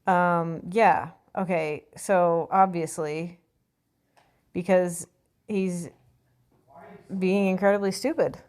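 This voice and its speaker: Woman vlogger, slightly low voice, blunt and scornful, reads an article aloud and picks it apart. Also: fairly even intonation, takes it slowly, long pauses, darkish tone, smooth. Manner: blunt, sarcastic, profane ranting. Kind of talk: opinion vlog reading an article.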